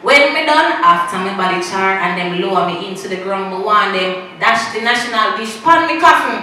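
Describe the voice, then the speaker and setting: A woman with a Jamaican Patois accent performs spoken-word poetry at an open mic, theatrical and swinging between loud bursts and hushed asides, slowing right down to stress her lines. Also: mid-range voice, animated. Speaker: performance poet. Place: open-mic stage in an echoing room. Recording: very echoey room, distant mic, faint noise.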